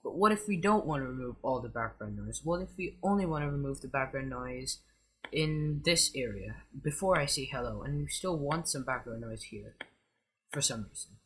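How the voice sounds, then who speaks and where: A man hosting a screen-recorded software tutorial, explaining step by step and leaning on "so" between steps. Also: mid-range voice, expressive, moderate pace. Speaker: tutorial host.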